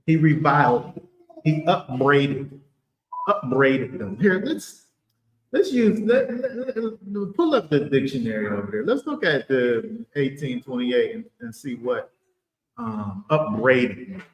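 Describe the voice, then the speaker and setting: A man teaching a Bible study in an emphatic, animated way, full of rhetorical questions. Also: mid-range voice, slow, roomy sound, rough recording.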